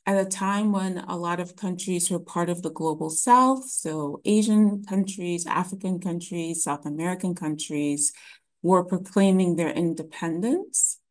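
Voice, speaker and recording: Lower-voiced woman giving an academic lecture. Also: darkish tone. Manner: measured explanatory delivery with frequent ums and restarts. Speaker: webinar presenter.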